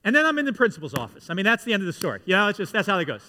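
Male pastor, high bright voice, lively storyteller preaching in a church, long reverb. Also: racing. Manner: lively storytelling with audience asides. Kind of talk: sermon. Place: church sanctuary.

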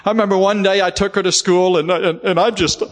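A man's voice: sits high, fairly even intonation, brisk, in a large hall. A man preaching a sermon, telling a heartfelt personal story and often repeating the word "just.".

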